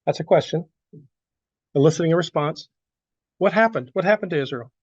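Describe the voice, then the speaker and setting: A man's voice: a little high, fairly quick, dry recording, dull audio. A man teaching a Bible lesson to a class in a church room, talking loosely and asking the group questions. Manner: conversational, asks the class questions, many restarts.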